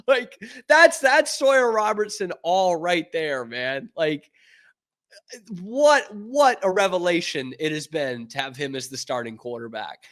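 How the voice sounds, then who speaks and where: Lively, chatty man hosting a sports podcast. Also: fairly high pitch. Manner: animated and chatty, with quick laughs and lots of "like". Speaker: podcast host. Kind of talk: casual sports podcast commentary.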